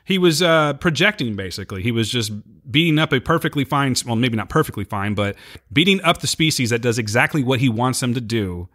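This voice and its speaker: Animated man recapping a show. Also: medium pitch, brisk. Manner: animated retelling, acts out quotes. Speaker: podcast co-host. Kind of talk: casual recap chat.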